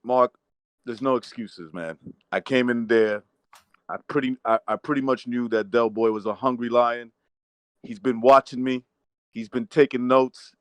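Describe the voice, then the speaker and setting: A man's voice: mid-range voice, steady tone, measured pace, a bit bright, smooth, no room sound. A man playing a beaten fighter in a mock post-fight interview, humbly praising his rival and pleading with his fans. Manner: over-the-top staged humility, pleading with imaginary fans. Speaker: trivia contestant playing a defeated boxer.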